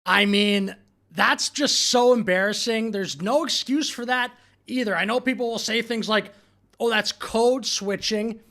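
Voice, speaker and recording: A man's voice: high-pitched, moderate pace, pushed and bright. A man hosting a political commentary show, talking over clips in a mocking, exasperated way. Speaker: commentary channel host.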